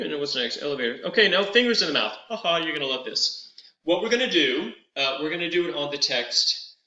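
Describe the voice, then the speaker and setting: A middle-aged man leading a vocal warm-up as a voice teacher, patient and instructive, slowing down to over-articulate the drills. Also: fairly high pitch, sing-song, roomy sound, dull audio.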